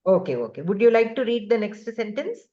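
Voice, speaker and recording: A woman teaching a grammar class over a video call, explaining patiently step by step with many pauses and fillers. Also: mid-range voice, very animated, dull audio.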